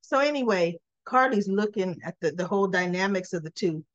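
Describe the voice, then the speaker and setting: Woman, 60s, chatty soap recapper, animated delivery, dry and slightly lo-fi sound. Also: a little fast, no room sound. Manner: chatty, acting out the characters' lines with lively pitch jumps. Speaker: soap opera recap vlogger. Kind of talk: casual episode recap. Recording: slightly dull, lo-fi audio.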